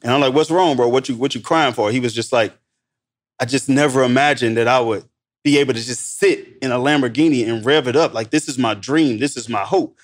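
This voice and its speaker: A man talking as a podcast guest, casual and animated, peppering his talk with "bro" and "man". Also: mid-range voice, fairly quick. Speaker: guest, entrepreneur. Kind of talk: casual conversational storytelling.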